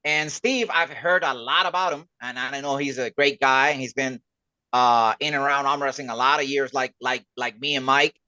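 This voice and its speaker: Bright-toned, halting male host. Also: mid-range voice, no echo, muffled recording. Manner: relaxed, halting, repeats words. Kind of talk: casual interview on a livestream.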